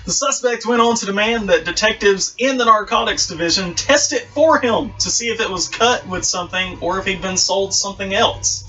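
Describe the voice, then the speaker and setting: A man's voice: high voice, moderate pace, few pauses, bright, forceful tone. A man co-hosting a casual podcast, reading odd news articles aloud and laughing through them. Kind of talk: casual chat. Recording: distant mic, dull lo-fi sound.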